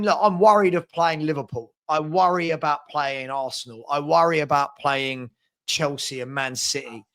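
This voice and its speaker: A man on a football panel podcast from home, calmly making his point with hesitant restarts. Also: a little high. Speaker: panel pundit, Forest fan. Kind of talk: casual football debate.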